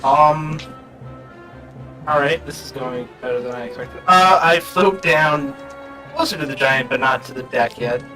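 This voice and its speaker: A man's voice: mid-range voice, measured pace, bright, forceful tone. A man playing a tabletop game, easygoing and laughing often, with many "um"s. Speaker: player. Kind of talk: casual tabletop game play. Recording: distant mic with faint background music.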